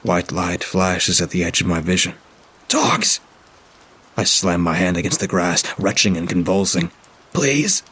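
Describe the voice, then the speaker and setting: Male storyteller for a horror narration: very low, husky voice, dramatic reading. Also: monotone, moderate pace, hardly any pauses, a bit bright. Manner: dramatic, voices characters in dialogue.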